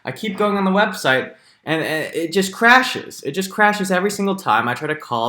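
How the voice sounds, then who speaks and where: A young man in his twenties ranting comically through a ranked list, animated and jokey, often jumping into squeaky high exclamations. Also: normal speed, hardly any pauses. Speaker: comedic vlogger. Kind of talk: comedic ranking rant. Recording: echoey room.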